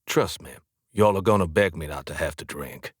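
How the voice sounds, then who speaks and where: A man's voice: deep voice, normal speed, dry recording, clean studio sound. A man voicing a cocky man with a Southern American accent, drawling and smug.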